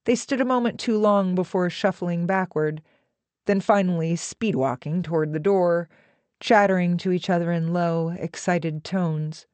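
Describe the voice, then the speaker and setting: A woman narrating an audiobook with an even, measured reading. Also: fairly low pitch, no echo.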